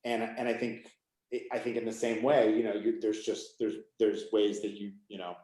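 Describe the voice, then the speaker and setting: A man from Maine talks as a guest author in loose, rambling sentences, leaning on "you know" and "like". His voice sits a bit low. He comes through a video call with a noticeably echoey room around him. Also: level tone, moderate pace, mellow. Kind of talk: casual conversation.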